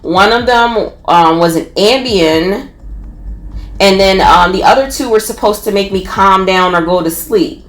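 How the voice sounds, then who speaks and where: A woman with a Philadelphia accent telling a personal story in a casual, animated, profane way. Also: mid-range voice, a little slow, faint music behind. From North Philadelphia. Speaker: podcast storyteller. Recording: roomy echo.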